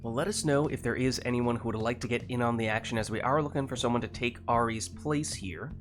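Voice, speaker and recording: A man's voice: mid-range voice, fast talker. A man hosting a game stream, commenting on matches in a wry, joking way and laughing often. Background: game music.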